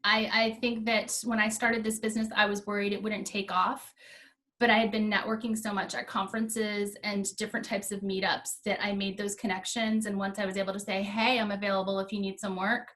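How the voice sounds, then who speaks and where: A woman of middle pitch gives an interview as a technology trainer. She explains things clearly and practically, in a friendly and plain manner. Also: little pitch movement, a little fast, fairly bright tone. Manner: clear, practical, laughs easily. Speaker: guest, Microsoft Office trainer.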